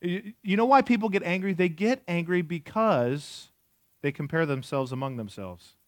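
A man's voice: high-pitched, animated, normal speed, no room sound, clean studio sound. A man in his forties preaching a sermon in a conversational way, asking the audience questions and joking. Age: 40s. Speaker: pastor.

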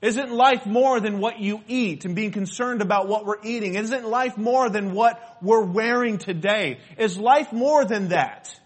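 Man, pastor, sermon, high voice, husky tone, earnest, repeats himself. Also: measured pace, hardly any pauses. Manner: earnest preaching, repeats phrases, quotes scripture.

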